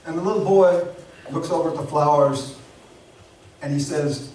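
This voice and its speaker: Pastor preaching in an echoey church. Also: male voice, a little high, darkish tone. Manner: earnest, measured storytelling with emphatic pauses. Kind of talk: sermon. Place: church sanctuary. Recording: very echoey hall, distant mic, faint hiss.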